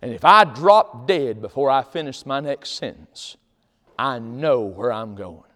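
A male pastor preaching a sermon in a church, swinging from loud shouts to quiet pleading. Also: mid-range voice, lively intonation, measured pace, big-room sound. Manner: impassioned Southern preaching with sudden loud shouts. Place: church sanctuary.

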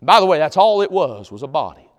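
A male pastor preaching a sermon in a church, swinging from loud shouts to quiet pleading. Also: a little high, sing-song, quick pace, in a large hall. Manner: impassioned Southern preaching with sudden loud shouts. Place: church sanctuary.

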